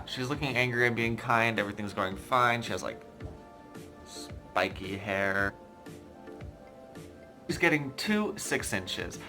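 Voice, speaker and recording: A young man vlogging a casual story in an animated, exasperated, self-mocking way. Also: medium pitch. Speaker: YouTuber.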